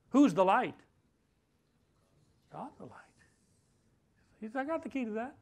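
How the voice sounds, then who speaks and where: Male pastor with a high voice, preaching with call-and-response and building to loud, emphatic lines. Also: very animated, a little slow, vocal fry, long pauses. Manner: call-and-response preaching, leading the congregation in repeated phrases; rising to loud, emphatic declarations. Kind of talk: sermon. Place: church hall.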